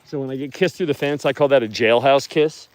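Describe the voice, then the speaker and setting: A man with a medium-pitched voice talks fairly quickly while hosting a casual outdoor livestream beside wolf enclosures at a sanctuary. He rambles and chats with easy laughter, and the audio comes from a handheld phone.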